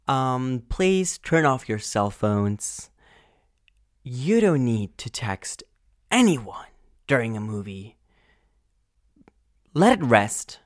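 A male podcast host ranting angrily and profanely in a casual monologue, full of fillers and sudden loud outbursts. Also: mid-range voice, dry recording, studio quality. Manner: angry, exasperated, profane.

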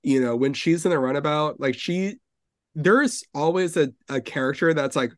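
An enthusiastic podcast co-host in casual chat, voice at an average pitch. This speaker slips into acted-out character lines with gusto. The sound is dry and close-miked. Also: normal speed, no room sound.

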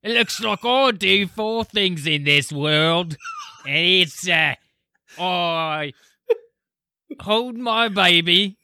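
A man's voice: high-pitched, slow pace, few pauses, dry recording, studio quality, pitched above the performer's own voice, exaggerated voice. A man doing a goofy impression of a blustering British rocker that slides into an Australian accent. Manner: shouty, goofy, laughing mid-line.

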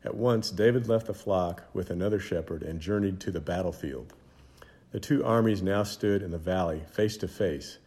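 A man narrates a children's Bible story in a measured, dramatic way. His voice is low and mellow, with a warm, rounded tone. The reading is scripted and unhurried.

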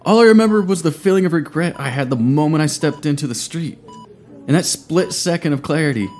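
A man's voice: a little fast, darkish tone, faint music behind, lightly acted. A man voicing a shaken young male hospital patient who speaks earnestly and emotionally. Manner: earnest, emotional, higher than his own voice.

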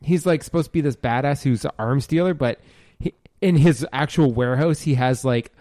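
A man's voice: medium pitch, fairly quick, dark tone, no echo, clean studio sound. A man in his forties hosting a podcast, chatting casually about movies, rambling and full of fillers, with the odd swear. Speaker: podcast host.

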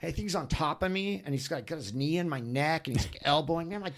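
A middle-aged man on a podcast, telling a story with excitement, acting out quotes loudly and filling with "like" and "you know". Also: on the high side, quick pace, hardly any pauses. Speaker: podcast guest. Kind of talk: animated storytelling.

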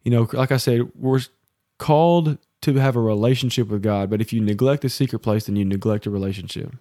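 A man co-hosts a home-recorded devotional podcast, preaching earnestly with a mellow, dark tone. He sits close to the mic in a dry home office. Between exhortations he teases his co-host lightly. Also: mid-range voice, brisk, dry recording. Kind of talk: casual devotional podcast talk.

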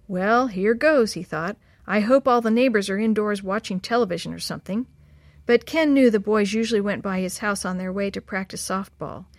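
Calm woman reading a story. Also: medium pitch, no room sound. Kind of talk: storybook narration.

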